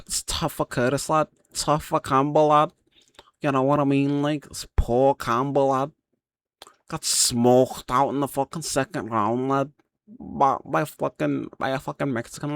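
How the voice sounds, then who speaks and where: A man's voice: mid-range voice, fairly even intonation, measured pace, creaky, a bit bright, smooth, dry recording, voice pushed up. A man putting on a Scouse lad's voice, ending his phrases with 'lad' and swearing bluntly. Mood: mock dismay. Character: exaggerated Scouse lad, young man, blunt.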